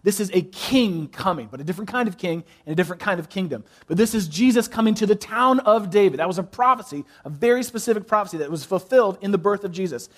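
Man, pastor, sermon, fairly high voice, dramatic pauses, quiet emphatic drops. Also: lively intonation. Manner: preaching with dramatic pauses, dropping soft on key phrases; asks the congregation to fill in words.

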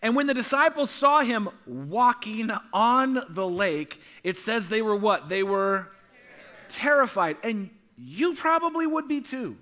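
Man, pastor, sermon, high bright voice, animated, loud then hushed, joking asides. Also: a little slow. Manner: animated, swings from loud emphatic to soft hushed delivery; humorous asides. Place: church sanctuary.

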